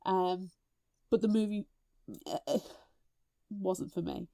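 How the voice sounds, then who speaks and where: A woman's voice: mid-range voice, steady tone, takes it slowly, dark tone, no echo, clean studio sound. A woman co-hosting a book podcast, chatty and blunt, laughing often. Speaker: podcast co-host. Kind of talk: casual chat.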